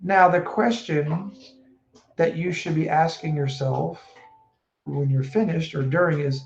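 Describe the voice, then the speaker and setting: A man coaching casually on stress and breathing, animated and acting out quoted speech. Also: on the high side, unhurried, vocal fry. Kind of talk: casual advice talk. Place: home room with a puppy. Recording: echoey room, dull sound, faint noise.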